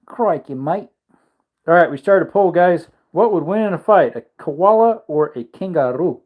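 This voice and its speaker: A man's voice: sits high, animated, normal speed, phone-quality sound. A tired, yawning man hosting a casual livestream, rambling and chuckling as he reads out chat comments. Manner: rambling, chuckling, musing aloud. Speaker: livestream host.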